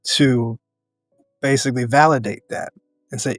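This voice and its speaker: A man talking in an interview as an educator and activist, earnest and reflective, building his points in measured phrases and laughing often. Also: mid-range voice, fairly even intonation, no room sound, studio quality, soft background music. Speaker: podcast guest, educator and activist.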